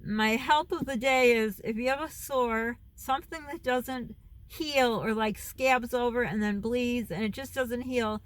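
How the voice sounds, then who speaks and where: A woman's voice: fairly high pitch, measured pace. A middle-aged woman chatting to her phone camera, rambling and losing her thread, laughing often as she talks. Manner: rambling, loses her thread and veers off topic. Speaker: vlogger and mom. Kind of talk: casual chat to camera.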